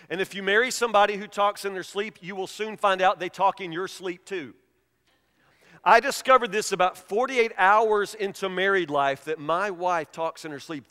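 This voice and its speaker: A middle-aged man preaching a sermon as a pastor, telling stories emphatically and swinging between hushed and loud delivery. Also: high-pitched, clean tone. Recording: long reverb of a large hall.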